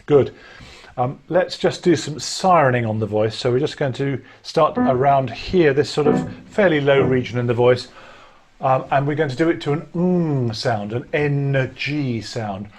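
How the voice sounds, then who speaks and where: A man coaching singers through a vocal warm-up, giving clear instructions and demonstrating breaths and lip trills. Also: mid-range voice, a little slow. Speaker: choir director. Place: home during lockdown.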